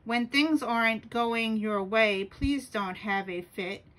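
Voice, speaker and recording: A woman's voice: on the high side, slow pace, fairly bright tone, poor audio. A middle-aged woman reading her own poems aloud in a journaling video, with careful delivery and small stumbles. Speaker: journaling vlogger.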